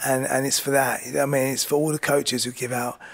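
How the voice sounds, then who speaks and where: An English boxing coach tells stories chattily in a casual interview, acting out other people's voices and repeatedly saying "do you know what I mean". His voice is mid-range and gravelly, fast, with little pitch movement.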